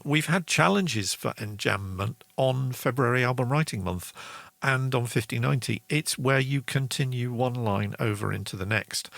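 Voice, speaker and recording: A man's voice: mid-range voice, creaky, a bit bright, no echo. A man hosting a casual songwriting lesson, chatty, reading out viewer comments. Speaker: songwriting show host.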